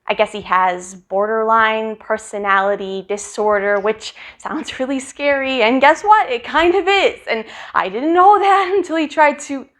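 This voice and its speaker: A woman's voice: a little high, fairly bright tone. A woman performing a dramatic monologue in a wry, conversational, hesitant way.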